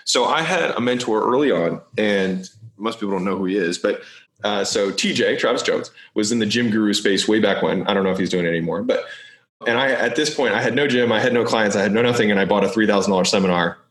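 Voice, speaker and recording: A man's voice: on the low side, a bit bright. Blunt man on an echoey call. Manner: blunt, fast-talking, full of "like" and "right?". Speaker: business guest being interviewed. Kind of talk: casual interview over video call. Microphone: video call. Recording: echoey video call audio.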